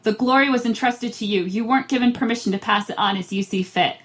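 A woman's voice: fairly high pitch, quick pace, close to an everyday voice. A woman reading aloud the lines of a weary, despairing male little horse from a storybook, in a plain voice. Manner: hopeless, pleading. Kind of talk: read-aloud storybook dialogue.

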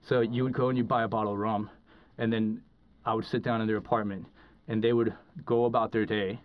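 A man with a fairly low voice tells a long story as a podcast guest, wandering through it with lots of "uh" and "like" and frequent restarts. The recording is dull and lo-fi, with the highs rolled off. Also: little pitch movement, a little fast. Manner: rambling, heavy with fillers and restarts. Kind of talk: casual storytelling.

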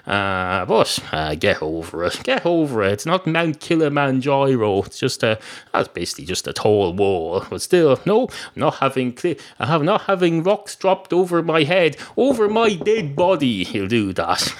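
An Irish man hosting a podcast, rambling through a deadpan, improvised comic monologue full of digressions. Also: mid-range voice. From Ireland. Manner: deadpan, digressive, talks to himself. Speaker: podcast host.

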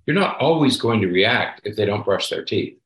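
A man's voice: fairly low pitch, lively intonation, normal speed, fairly bright tone, echoey room, poor audio. A man co-hosting a parenting podcast, speaking emphatically and checking in with "okay?" as he makes his points. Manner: emphatic, repeats "okay?" to drive points home. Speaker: podcast co-host, psychologist. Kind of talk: casual advice chat.

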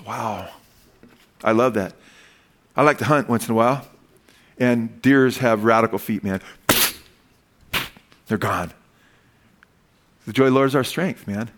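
A man preaching a sermon in a loose, conversational way. His voice is mid-pitched, and he peppers his talk with "man." He tells jokes along the way. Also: animated, normal speed, pauses often. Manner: casual and folksy, says "man" often, tells jokes. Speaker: pastor.

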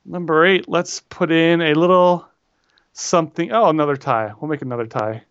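A man's voice: fairly high pitch, moderate pace, a bit bright, smooth, no room sound. A man co-hosting a casual podcast chat, rambling and correcting himself with wry asides. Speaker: podcast co-host. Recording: dull lo-fi audio.

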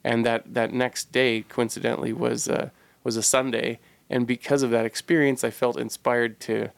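A man recounts a personal story in a relaxed, earnest way, pausing to search for the right words. His mid-range voice carries a gravelly fry. The sound is dry and close, with no room echo. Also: mid-range voice. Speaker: podcast co-host telling a personal story. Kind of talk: casual storytelling.

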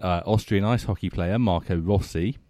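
A man hosts a casual motorsport chat, dryly moving from one news item to the next. His voice sits low and mellow. The sound is dry and close. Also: moderate pace, no echo. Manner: dry, steers the conversation through news items. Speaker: host.

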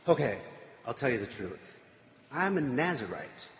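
A man voicing a gullible, boastful strongman hero in a slow, matter-of-fact way. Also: medium pitch, very animated, close to an everyday voice. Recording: echoey hall, faint room noise.

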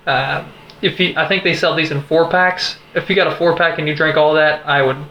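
A man's voice: fairly high pitch, steady tone, fairly quick, sharp tone, dull audio. A man co-hosting a casual podcast, chatting loosely with many fillers and frequent laughs. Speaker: podcast co-host. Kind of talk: casual chat. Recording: echoey room, faint background noise.

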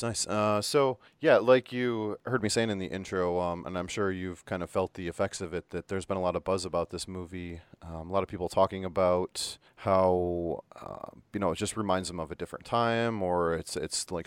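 A man with a very low voice hosts a podcast interview in a relaxed, rambling way, full of fillers and casual swearing. His voice sounds close and dry, with no room around it. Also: clean tone, no room sound. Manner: loose and chatty, swears, many fillers. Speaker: podcast host.

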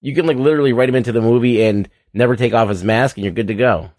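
A man's voice: medium pitch, rapid-fire, darkish tone, dry recording, studio quality. A man co-hosting a podcast, chatting casually and asking skeptical questions. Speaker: podcast co-host. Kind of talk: casual chat.

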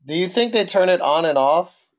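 A young New Jersey man with a matching accent co-hosts a casual podcast, slipping questions in between anecdotes. His voice is high and animated, at a moderate pace.

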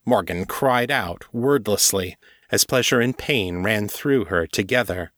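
A man with a lowish voice reads fiction aloud at a steady, measured pace, in the manner of an audiobook. The sound is dry and close to the mic. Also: no room sound. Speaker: narrator and author. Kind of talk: audiobook-style fiction reading.

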